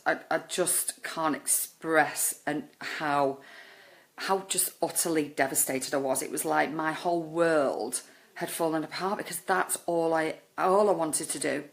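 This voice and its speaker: Woman, low voice, earnest personal story, lots of fillers. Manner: earnest, emotional, many fillers and "oh my goodness". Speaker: life coach.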